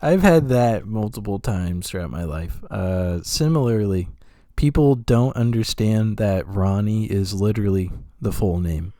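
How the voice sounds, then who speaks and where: A man's voice: lowish voice, animated, measured pace, few pauses, warm tone, no room sound, clean studio sound. A man co-hosting a podcast in casual chat, laid-back and wry. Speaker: podcast co-host.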